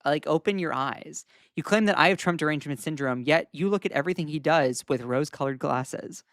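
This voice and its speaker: A young man hosting casual live-stream news commentary, chatty and animated as he reacts to viewer comments. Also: a little high, fairly quick, no echo, studio quality.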